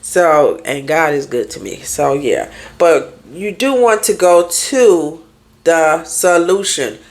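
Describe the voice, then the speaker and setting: A woman speaking as a therapist and life coach in a relaxed podcast monologue. Her voice sits a little on the low side. She talks frankly and conversationally, stacking up rhetorical questions. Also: slow pace.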